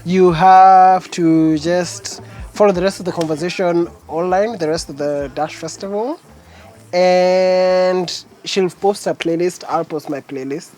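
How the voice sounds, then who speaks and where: A man, a music-industry insider in a casual chat, confident and opinionated and quick to tease. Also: sits high, fairly even intonation, darkish tone. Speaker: music industry guest and co-host.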